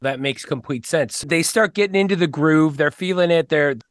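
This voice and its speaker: A man's voice: a little high, normal speed, dry recording, clean studio sound. A man hosting a podcast interview, asking long questions and thinking aloud as he goes. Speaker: podcast host.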